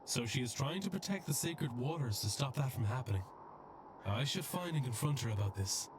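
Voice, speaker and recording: Man voicing a calm investigator. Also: mid-range voice, fairly quick, noisy background, lightly acted.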